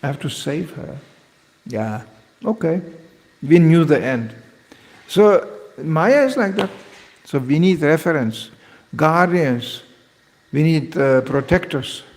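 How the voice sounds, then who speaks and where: Male spiritual teacher, devotional lecture, gravelly and animated, acts out quotes, big echoing hall. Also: on the high side, slow pace, long pauses. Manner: lively, joking, acts out quoted voices.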